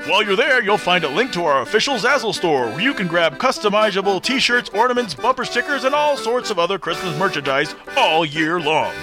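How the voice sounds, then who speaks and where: A man reading a podcast's closing announcement in a cheery, upbeat way over a music bed. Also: high-pitched. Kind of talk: read outro announcement.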